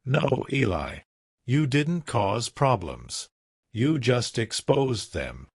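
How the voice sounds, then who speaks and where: A man voicing a firm, commanding male company boss who speaks with measured authority in a storybook. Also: medium pitch, big pitch swings, breathy edge, no echo, clean studio sound, full character voice. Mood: cold, firm.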